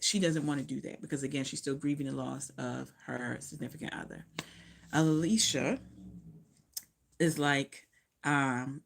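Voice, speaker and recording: A woman's voice: very deep voice, steady tone, a little slow, creaky, pauses often. A woman casually recapping a romance novel she just read, chatty and profane, often losing track and correcting herself. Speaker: book reviewer.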